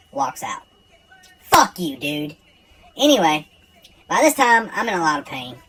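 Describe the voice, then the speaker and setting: A man tells a true personal story in a relaxed, casual way, blunt and full of profanity. His voice moves up and down a lot as he goes. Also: a little high, a little slow, pauses often, rough recording.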